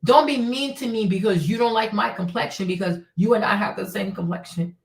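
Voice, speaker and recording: A woman's voice: mid-range voice, a little fast. A woman hosting her own show, ranting casually in a blunt, profane, indignant way. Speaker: show host. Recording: roomy sound, mic at a distance.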